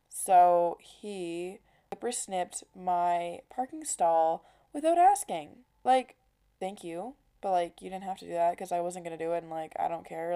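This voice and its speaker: A woman's voice: fairly low pitch, clean tone. A woman in her twenties hosting a podcast, telling a story in a chatty way, filling her talk with "like" and acting out quoted exchanges. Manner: chatty, heavy use of "like", animated quoting. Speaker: podcast host. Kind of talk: casual storytelling monologue.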